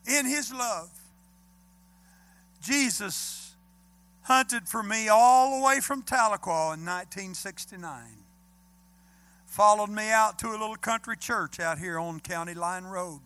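A man preaching a sermon in a church, swinging from loud to hushed. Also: sits high, moderate pace, clear, resonant tone, dry recording. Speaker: pastor. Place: church sanctuary.

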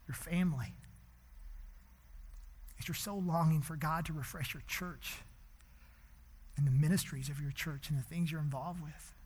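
A man preaching a sermon as pastor in a church, impassioned, swinging between hushed and loud. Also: fairly high pitch, long reverb tail.

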